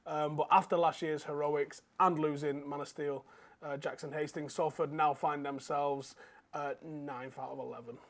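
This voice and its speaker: A man with a voice pitched a little above the usual male range, co-hosting a casual sports podcast. His commentary is dry and exasperated, with an easygoing, matey delivery. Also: little pitch movement, normal speed. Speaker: podcast co-host. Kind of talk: casual chat.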